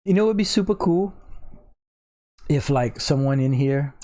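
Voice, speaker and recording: A man's voice: on the high side, animated, unhurried, mellow. Tired, rambling man streaming. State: tired from lack of sleep. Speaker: crypto livestream host. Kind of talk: casual live-stream chat.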